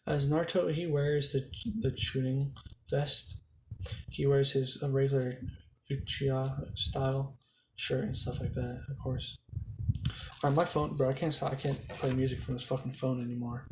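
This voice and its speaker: A man's voice: mid-range voice, level tone, normal speed, background noise. Rambling young man telling a fan story. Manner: rambling, repeats "he goes", slips and restarts. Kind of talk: improvised casual storytelling. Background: music.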